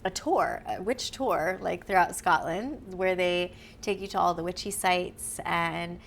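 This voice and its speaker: Podcast guest, female, slightly low voice, animated and giggly storyteller, faint hiss behind. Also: measured pace, creaky. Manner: animated, laughs often, acts out quotes. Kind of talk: casual storytelling chat.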